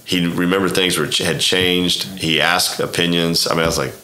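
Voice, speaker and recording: A middle-aged man from Oklahoma, a golf professional, telling a story in a casual interview, rambling and animated, acting out quoted dialogue. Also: deep voice, moderate pace. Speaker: golf club professional, guest. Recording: echoey room.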